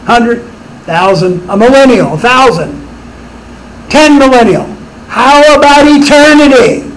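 A man's voice: very high-pitched, a little slow, rough recording. A middle-aged man preaching a sermon as pastor, emphatic and rising on his rhetorical questions.

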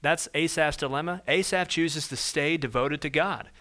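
A man preaching a sermon in a conversational way, walking through verses and acting out everyday scenes in lively voices. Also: a little high, normal speed. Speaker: pastor.

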